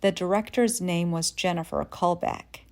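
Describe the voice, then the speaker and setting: A woman from Yemen in her forties telling a personal story in a measured, reflective way. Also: lowish voice, vocal fry, darkish tone. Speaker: podcast host.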